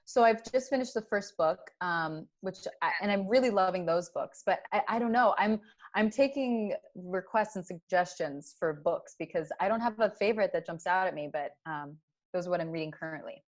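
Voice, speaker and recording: A woman's voice: fairly low pitch, moderate pace. A young adult woman, a guest actor and director, chatting casually on a podcast, laughing often and using many fillers.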